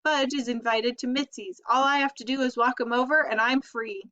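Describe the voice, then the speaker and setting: A woman's voice: on the high side, steady tone, moderate pace, pushed and bright, no room sound. A woman voicing a bossy, teasing teenage girl with a sassy, mocking manner, in a storybook reading. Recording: dull lo-fi recording.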